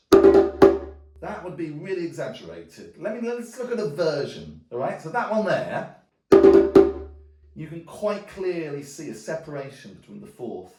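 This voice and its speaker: A man teaching djembe, explaining technique in a relaxed way and often checking in with a quick "okay?". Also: fairly high pitch, loud music behind the voice. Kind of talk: demonstrating drum technique. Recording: roomy sound from a distance. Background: djembe drumming.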